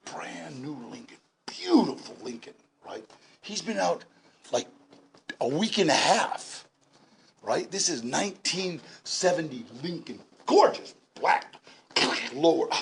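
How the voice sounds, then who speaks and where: A man in his sixties telling his story at a recovery meeting, animated and laughing, with shouted bursts. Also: fairly high pitch, vocal fry, a little hiss or hum. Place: large indoor meeting room.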